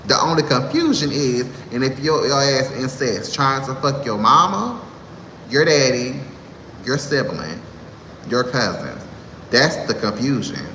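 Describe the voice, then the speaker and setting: A man's voice: medium pitch, very animated, measured pace, bright, forceful tone. Exasperated man ranting in an echoey room. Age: 30s. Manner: sassy, exasperated ranting with laughs. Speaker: vlogger. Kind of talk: heated monologue to camera. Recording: echoey room with long reverb, faint noise.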